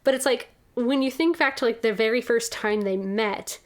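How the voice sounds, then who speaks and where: Excitable young woman gushing on a podcast. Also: on the high side, moderate pace. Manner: rambling and excitable, acts out characters' lines. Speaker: podcast co-host. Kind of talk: casual fan chat.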